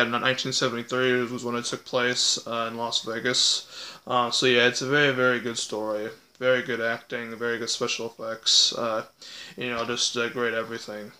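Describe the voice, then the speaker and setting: Young male vlogger, bright and flat, loose rambling delivery full of fillers. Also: medium pitch. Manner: rambling with many fillers and restarts. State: hiccups. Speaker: vlogger reviewing a film. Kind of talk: casual unscripted review. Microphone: tablet or phone.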